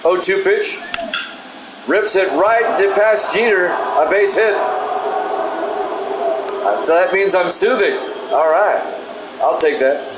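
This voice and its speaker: A man calling play-by-play of a simulated baseball game in a calm, soothing way, chatting with viewers between pitches, with no regional accent. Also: measured pace, pauses often. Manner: calm, self-described soothing delivery with asides. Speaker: play-by-play announcer. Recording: echoey room with loud background noise.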